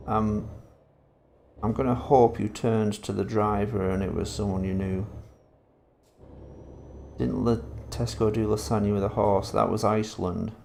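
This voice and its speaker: A man's voice: fairly low pitch, fairly even intonation, a little slow, creaky, long pauses, a little mellow, a little hiss or hum. A man chatting casually on a live stream while playing a trucking game, swearing freely and reading viewer comments aloud.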